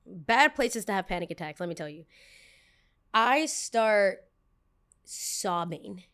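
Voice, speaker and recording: A woman's voice: medium pitch, lively intonation, slow pace, a bit bright. A young adult woman hosting a podcast, telling a story in a chatty way, full of fillers, tangents and blunt swearing. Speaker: podcast host. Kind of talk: casual storytelling.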